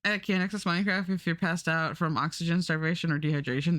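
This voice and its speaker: A woman's voice: on the low side, fairly even intonation, fast talker, few pauses, a bit bright, no room sound, studio quality. A woman streamer chatting casually while she draws, rambling and laughing often. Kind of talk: casual live-stream chat while drawing. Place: home streaming setup.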